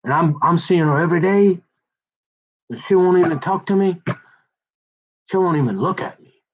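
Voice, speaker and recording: A man's voice: sits high, normal speed. A man telling a long rambling story in a slangy, digressive way, acting out the voices of the people in it. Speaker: show host. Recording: dull lo-fi audio.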